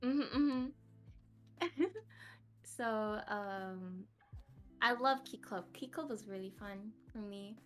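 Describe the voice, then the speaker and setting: A woman's voice: mid-range voice, lively intonation, drawn-out words, pauses often, fairly bright tone, faint music behind. A young woman from the United States, a podcast guest chatting casually about her life, laughing often and poking fun at herself. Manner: giggly, laughs often, self-mocking. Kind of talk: casual interview chat.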